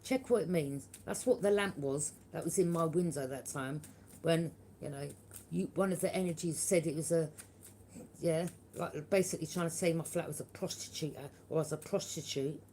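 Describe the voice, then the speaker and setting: A woman with a lowish voice does a collective tarot reading and talks straight to her viewers. Her manner is blunt and forthright, she swears freely and keeps tagging her points with "yeah?". A faint hum of room noise sits under her voice. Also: normal speed, mellow. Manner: frequent tag question "yeah?". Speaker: tarot reader.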